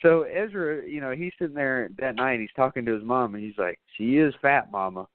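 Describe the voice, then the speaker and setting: A man hosting a casual podcast, rambling loosely through a movie recap with plenty of fillers and swearing. His voice sits at an ordinary middle pitch. The sound is squeezed and tinny, like a phone line. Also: brisk. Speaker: podcast host.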